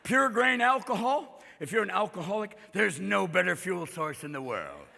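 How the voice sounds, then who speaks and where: A man doing a stand-up comedy set, talking in a manic, rapid-fire way and jumping into shouted character voices in front of a live audience. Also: sits high, very animated, vocal fry. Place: large hall with a live audience. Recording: reverberant live hall, crowd faintly behind.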